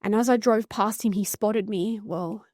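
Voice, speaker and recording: A woman's voice: medium pitch, steady tone, normal speed, a little mellow, no room sound, studio quality. An Australian woman, a psychotherapist guest, telling a painful personal story in an earnest, intense and blunt way. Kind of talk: emotional personal story in podcast conversation.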